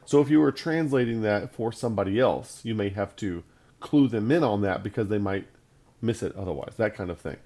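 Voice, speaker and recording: A man's voice: fairly low pitch, a little fast, mellow. A man teaching a Bible lesson on video in an emphatic, conversational way, often repeating his points for stress.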